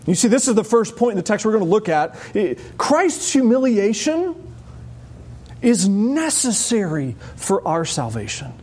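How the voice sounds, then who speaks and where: A man preaching a sermon as pastor, animated and wry, often laughing as he explains a passage. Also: sits high, unhurried, slightly rough.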